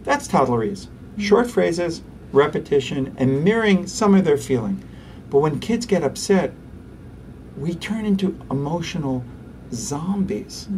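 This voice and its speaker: A man, a pediatrician, giving an interview and explaining parenting techniques in an animated way, acting out parents and kids. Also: a little high, a little slow, recorded from a distance, a little hiss or hum. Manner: animated, acts out parents and children.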